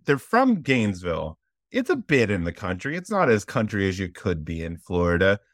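A man hosting a casual movie podcast, joking and animated as he introduces a guest. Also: sits low, normal speed, no room sound, clean studio sound. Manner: animated and joking, acts out quotes. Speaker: podcast host.

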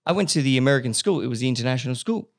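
Gravelly man, lively podcast host. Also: medium pitch, rapid-fire. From Australia. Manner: animated storyteller, swears freely, trails off and restarts. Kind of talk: casual podcast chat.

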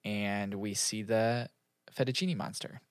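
A man casually recapping a TV episode with friends, acting out characters' lines in quick asides. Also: lowish voice, fairly even intonation, no room sound, clean studio sound. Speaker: podcast co-host recapping an episode. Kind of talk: casual chat.

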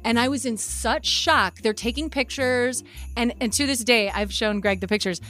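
A woman's voice: on the high side, normal speed, fairly bright tone, soft background music. A woman co-hosting a podcast, telling a personal story in casual chat and acting out her parents' lines. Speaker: podcast co-host.

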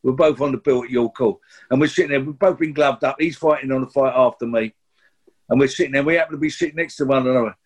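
A guest actor in his sixties with a London accent tells rambling, chatty anecdotes in an interview, full of restarts and asides. He talks fast in a husky, medium-pitched voice.

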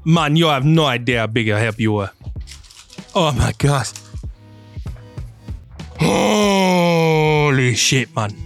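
A man's voice: medium pitch, normal speed, faint music behind, natural voice. A man voicing a frantic, grateful male ripper doc who swears with relief. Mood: relieved.

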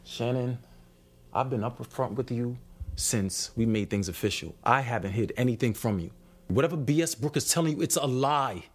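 A firm, defensive boyfriend from a TV drama, as an actor plays him. His voice is husky and sits at a middle pitch for a man. He presses his denials without wavering. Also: moderate pace, natural voice. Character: adult man denying he hid anything from his girlfriend. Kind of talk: TV drama dialogue.

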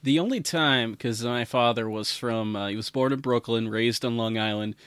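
A man hosting a casual podcast, speaking in a relaxed, halting way and chuckling now and then. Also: mid-range voice, clear, resonant tone, no room sound. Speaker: podcast host.

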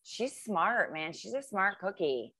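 A woman hosting a podcast in casual chat, eager and quick to react. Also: mid-range voice, big pitch swings, sharp tone, husky. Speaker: podcast host.

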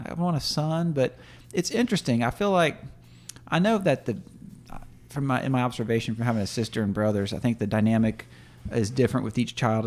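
A man in his thirties co-hosting a podcast, talking in an earnest, reflective way with many filler words. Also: medium pitch. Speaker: podcast co-host. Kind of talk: casual chat.

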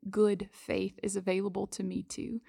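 A woman co-hosting a faith podcast, telling stories in an earnest, lively way. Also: medium pitch, normal speed, creaky, slightly rough, no echo, clean studio sound. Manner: earnest, storytelling, animated in quotes. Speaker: podcast co-host.

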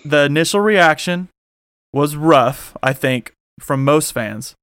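A man's voice: a little high, slow, fairly bright tone, clean tone, no echo, clean studio sound. A man hosting a casual sports podcast, talking loosely with lots of fillers and restarts. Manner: rambling, many fillers. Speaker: podcast host.

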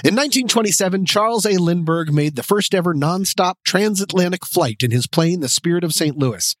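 A man's voice: sits high, animated, no room sound, studio quality. A man co-hosting a comedic podcast, joking and laughing at himself as he talks. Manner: jokey, laughing at himself, quick bursts. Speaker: podcast co-host.

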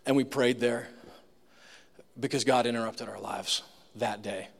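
A man's voice: medium pitch, fairly even intonation, measured pace, vocal fry. A man preaching a sermon as pastor, telling personal stories in a casual, self-deprecating way. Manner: conversational storytelling, self-deprecating humor. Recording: long reverb of a large room.

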